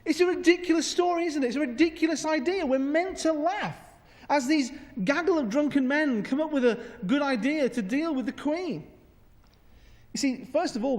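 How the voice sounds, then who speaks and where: Wry, animated male pastor, high voice, long church reverb. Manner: humorous, animated, sarcastic. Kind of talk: sermon.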